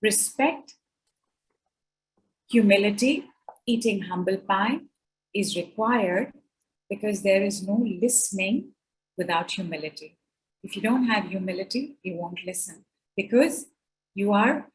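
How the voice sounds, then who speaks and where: Middle-aged woman giving an animated talk. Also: mid-range voice, unhurried, long pauses, low-quality recording. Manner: animated, conversational, with quoted asides. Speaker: relationship speaker. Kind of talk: talk at an online summit.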